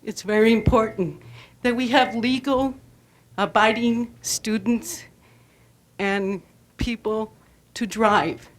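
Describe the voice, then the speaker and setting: An older woman from Arizona speaking at a public comment, halting and emotional. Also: mid-range voice. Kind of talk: public comment at a board meeting.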